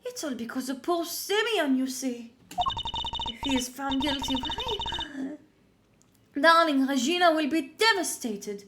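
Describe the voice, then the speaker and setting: Woman doing a syrupy, theatrical prison warden, high and sing-song, in a video game read. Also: noisy background, heavily acted. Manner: theatrical, sugary endearments. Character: gushing, fawning middle-aged woman prison warden. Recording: loud game music behind.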